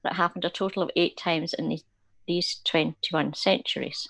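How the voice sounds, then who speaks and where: A woman reading an article aloud during a casual chat, steady and clear. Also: fairly low pitch, normal speed, dry recording.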